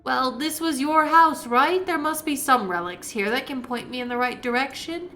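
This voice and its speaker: A woman voicing a brisk young witch, matter-of-fact and a little exasperated. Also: high-pitched, bright, forceful tone, soft background music. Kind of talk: reading game dialogue aloud.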